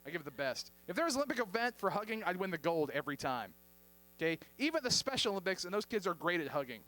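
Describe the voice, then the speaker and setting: On a comedy club stage before a live audience, a man performs a stand-up set, doing playful crowd work and joking with the room. His voice sits high and sounds sharp, with big pitch swings and a quick pace.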